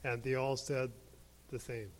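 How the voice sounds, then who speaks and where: A man reading scripture aloud slowly and carefully. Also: mid-range voice, little pitch movement, rough recording. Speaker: scripture reader.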